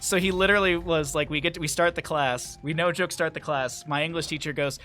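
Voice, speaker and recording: A man streaming a game, chatting casually with his chat and telling rambling, profane stories with quick asides. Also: a little high, steady tone, sharp tone, soft background music. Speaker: gaming streamer. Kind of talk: casual livestream commentary while playing.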